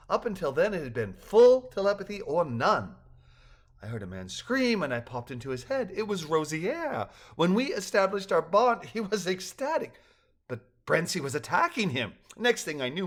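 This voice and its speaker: An earnest, measured voice for a gentle, troubled telepathic balloon creature recounting its past in a storybook, read by a man. The tone is fairly high and lively, rising and falling through the telling.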